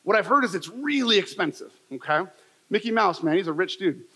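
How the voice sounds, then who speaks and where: A motivational speaker delivers a keynote in a large event hall, telling personal stories with emphatic, repetitive phrasing. His high voice is expressive, brisk, pushed and bright, with slight roughness. The hall's long reverb is prominent.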